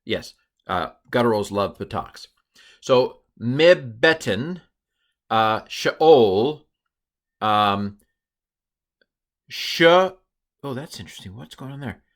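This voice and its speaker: A man's voice: mid-range voice, animated, takes it slowly, long pauses. A middle-aged man teaching biblical Hebrew from slides, chatty, with playful asides and frequent self-corrections. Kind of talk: recorded lesson walking through slides.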